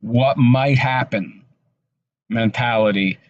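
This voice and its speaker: Tired man, halting vlog monologue from his car, close dry sound, slightly dull audio. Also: mid-range voice, no room sound. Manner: halting, subdued, with many restarts and fillers. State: exhausted. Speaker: vlogger. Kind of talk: casual personal vlog monologue.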